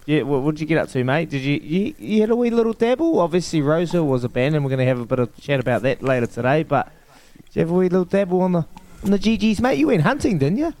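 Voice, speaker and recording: A man's voice: a little high, animated, quick pace, darkish tone. A man, a rugby player co-hosting a sports podcast in a laid-back way, laughing easily. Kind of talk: casual sports chat.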